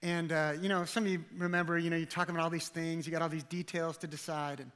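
A man's voice: on the high side, flat delivery, fast talker, fairly bright tone, clean tone, big-room sound. A man in his thirties from the Dallas area, a guest preacher giving a chatty, joking sermon in a church with many fillers and restarts. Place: church auditorium.

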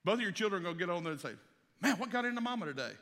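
A man, preaching a folksy sermon to teenagers, swinging from loud bursts to hushed asides. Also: high voice, expressive, rapid-fire. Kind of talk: sermon to a youth audience. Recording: reverberant hall.

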